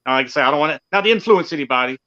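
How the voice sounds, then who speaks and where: A man's voice: on the high side, expressive, very fast, sharp tone. A man co-hosting a horror podcast in casual chat, rambling and hedging, laughing often. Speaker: podcast co-host. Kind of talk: casual live-stream chat. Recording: dull lo-fi sound.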